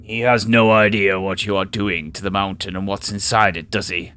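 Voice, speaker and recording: A man's voice: lowish voice, level tone, moderate pace, sharp tone, clear, resonant tone, soft background music. A British man voicing a defiant, vengeful male warrior who speaks tersely and threatens.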